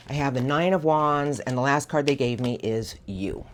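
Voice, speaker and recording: Earnest tarot reader, mid-pitched. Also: moderate pace, hardly any pauses, slight background noise. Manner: earnest, encouraging, speaks to an unseen source. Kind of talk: tarot reading.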